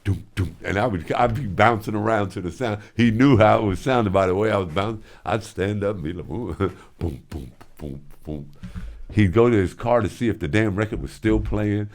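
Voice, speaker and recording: A man's voice: fairly low pitch, fairly quick, hardly any pauses. An older man and former radio host telling stories casually and animatedly, slipping into voices and sound effects. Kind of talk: casual storytelling.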